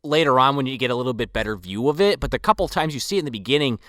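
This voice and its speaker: A man's voice: mid-range voice, animated, very fast, fairly bright tone, no room sound, clean studio sound. A man co-hosting a casual movie review chat, chiming in with quips. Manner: quipping, chiming in. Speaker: podcast co-host.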